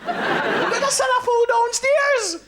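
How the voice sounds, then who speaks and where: Shrill old Jamaican cleaning lady, put on by a male comedian, blunt and shrewd, high voice, live stage with loud laughter. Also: slow pace, noisy background. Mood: scolding.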